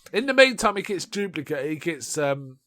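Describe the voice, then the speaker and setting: Man, podcast co-host, lively scene-recaps with quoted gags, fairly high voice, dry close sound. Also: a little fast, dry recording. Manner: animated retelling, quoting film lines in put-on voices, laughing often. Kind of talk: casual film review chat.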